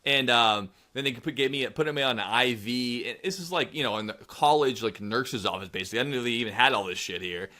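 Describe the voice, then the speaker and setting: A man's voice: medium pitch, fairly quick, few pauses, pushed and bright. A young man in his twenties co-hosting a podcast, telling a rambling, profane story and acting out the quotes. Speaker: podcast co-host. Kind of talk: casual storytelling chat.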